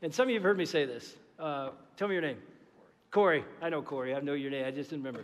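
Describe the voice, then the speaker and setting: A middle-aged man preaches from a church stage in a fairly high voice. He tells a story with energy and acts out what each person in it said, and his voice rings out through a large hall with long reverb. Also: very fast. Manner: animated storytelling, acting out dialogue. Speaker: pastor. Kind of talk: sermon.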